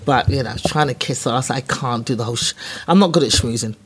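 A woman's voice: very deep voice, quick pace, background noise. A woman stand-up comedian in casual chat, talking bluntly with plenty of swearing. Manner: blunt, sweary, self-deprecating.

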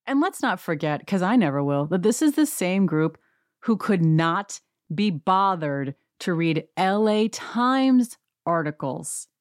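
A woman hosting a reality TV recap, talking in a sarcastic, animated rant. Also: medium pitch, no echo, clean studio sound. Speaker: podcast host.

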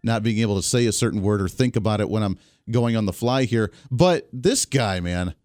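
A man hosting a talk radio show, giving sarcastic, animated, unscripted political commentary. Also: lowish voice, fairly quick, no room sound, clean studio sound.

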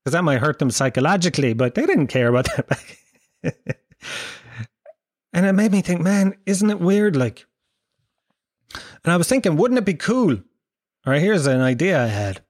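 A man's voice: on the high side, expressive, normal speed, pauses often, no room sound, clean studio sound. Crude Irish man telling stories. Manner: crude, rambling storytelling with acted-out voices. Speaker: comedian. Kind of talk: comedic monologue.

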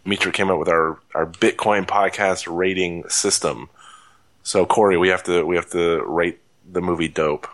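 A man hosting a podcast in casual chat, halting with restarts and dry humor. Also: low voice, steady tone. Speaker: podcast host.

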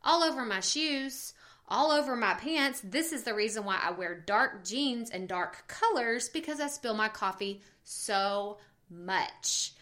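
Bright, chatty mom talking to listeners. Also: female voice, on the high side, unhurried. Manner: chatty, animated storytelling with many "like"s and "okay?". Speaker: podcast host. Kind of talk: casual chat.

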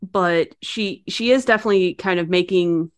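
A podcast co-host with a lowish voice and normal speed chats bluntly about a TV episode. It's a casual recap conversation.

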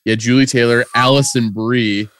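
A man's voice: medium pitch, fairly even intonation, normal speed, a bit bright. A man co-hosting a podcast, chatting casually and reading listener tweets in a loose, jokey way. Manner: loose and jokey, laughs often. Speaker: podcast co-host.

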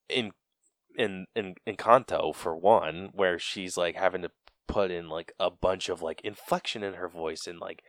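This man co-hosts a podcast, chatting casually in a deep voice and rambling with plenty of fillers and laughter. The recording is dry and studio-clean.

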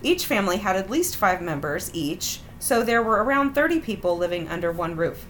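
A woman in her thirties, a podcast host, who reads stories aloud in a wry, animated way and laughs often. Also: mid-range voice, moderate pace, slight background noise. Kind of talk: reading listener stories aloud with chat.

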